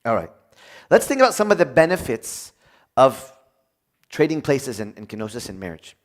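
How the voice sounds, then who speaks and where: A man preaches on marriage at a moderate pace, his voice medium in pitch. His animated delivery includes acted-out dialogues and jokes shared with the congregation.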